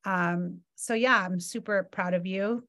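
Woman co-host, mid pitch, cheerful and encouraging. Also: unhurried, bright, forceful tone. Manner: upbeat, supportive. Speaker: podcast co-host. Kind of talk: casual chat.

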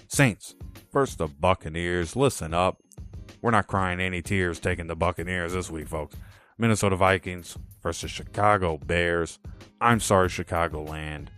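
A man hosting a solo sports podcast, running through picks with punchy, jokey asides. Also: sits low. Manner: animated, punchy pick announcements with jokey asides. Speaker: podcast host.

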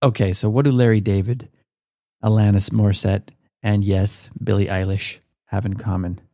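A man's voice: on the low side, little pitch movement, moderate pace, mellow, dry recording, studio quality. A man hosting his own podcast, talking in a loose, chatty rant and swearing freely. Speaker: podcast host. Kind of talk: casual solo podcast rant.

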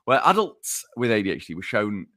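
A man's voice: on the low side, big pitch swings, brisk, sharp tone. A man co-hosting a podcast, teasingly reading out research in a mock-lecturing way and laughing as he talks. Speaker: podcast co-host presenting research. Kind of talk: casual podcast banter.

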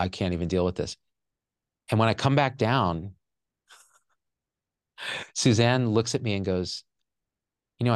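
A man's voice: on the low side, no room sound, studio quality. A man guest on a podcast, telling an emotional personal story with raw, repeated phrases and some swearing.

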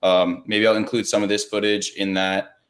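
Podcast host guy, lowish voice, chill and friendly, says like a lot. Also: level tone, normal speed, fairly bright tone. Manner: friendly, casual, frequent "like". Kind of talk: casual interview conversation.

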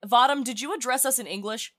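A woman's voice: on the high side, quick pace, a bit bright. A woman playing a tabletop role-playing game, talking through her character's actions in a playful, teasing way. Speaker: player. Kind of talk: tabletop role-play chat.

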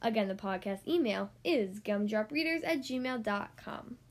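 A woman reading a rhyming children's picture book aloud in an expressive, sing-song way. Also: mid-range voice, unhurried. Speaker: podcast host reading children's books.

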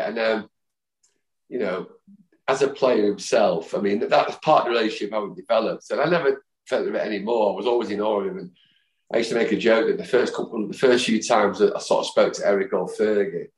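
A man in his fifties, a guest telling rambling, lively anecdotes and mimicking the people in them. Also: on the low side. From Manchester, England. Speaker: podcast guest, football fan. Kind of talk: anecdotal storytelling. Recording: roomy echo.

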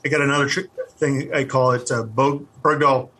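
A middle-aged man, a former army helicopter pilot, telling his story in an interview, candid and halting with many fillers. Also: mid-range voice, steady tone, sharp tone.

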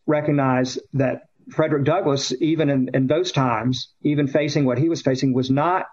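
Man, podcast guest, conversational storytelling, halting with many fillers, dull lo-fi audio. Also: mid-range voice, steady tone, a little mellow. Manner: halting, with frequent fillers and restarts.

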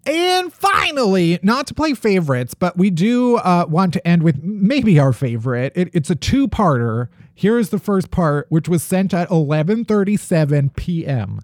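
A man's voice: high-pitched, big pitch swings, a little slow, no echo, clean studio sound. A man hosting a podcast in casual chat, joking and playfully dramatic. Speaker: podcast host.

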